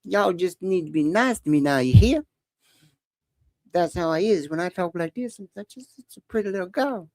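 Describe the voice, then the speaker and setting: A woman's voice: fairly low pitch, expressive, moderate pace, warm tone, no room sound, studio quality, natural voice. A woman voicing a sugary young Southern belle in a made-up drawl, coy and sing-song.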